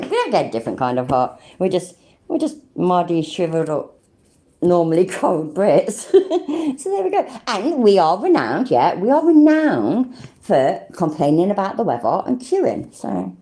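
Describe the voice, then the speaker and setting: A woman's voice: on the low side, wildly swooping pitch, a little slow, dark tone. A British woman hosting a casual livestream, chatting to viewers, swearing freely and laughing often. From Britain. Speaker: livestream host.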